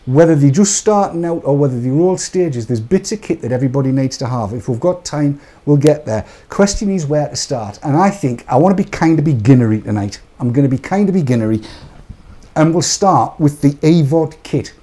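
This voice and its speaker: Chatty man, mellow. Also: a little high, lively intonation, fairly quick. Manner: chatty, joking, rambling off the cuff. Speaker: host of a live vaping product show. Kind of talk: casual live-stream chat.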